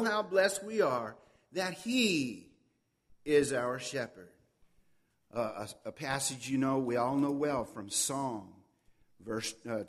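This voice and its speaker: A man preaching a sermon, reading scripture aloud with swelling emphasis and dropping to a soft, low voice between verses. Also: slightly rough. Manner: swells loud on quoted verses, drops soft and low on asides.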